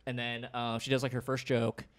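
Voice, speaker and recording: A man's voice: medium pitch, brisk. A man, a stand-up comic and podcast co-host, telling a club story in casual chat, full of fillers and acted-out quotes. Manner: animated, acts out quoted voices, many fillers.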